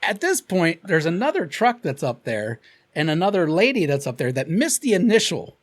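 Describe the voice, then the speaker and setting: Podcast co-host, man, Cincinnati accent, lively profane storyteller, slightly high voice. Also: moderate pace. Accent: Cincinnati, Ohio. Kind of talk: casual storytelling chat.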